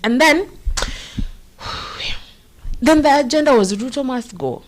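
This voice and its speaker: A woman's voice: sits high, lively intonation, takes it slowly. A woman with a Kenyan accent hosting a show, giving earnest, rambling political commentary and slipping Swahili slang into her English.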